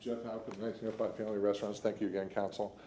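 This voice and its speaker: Quick, low, dark-voiced man speaking earnestly. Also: little pitch movement, slight background noise. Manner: plainspoken and earnest. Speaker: restaurant group representative. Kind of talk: public comment tribute. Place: city council chamber.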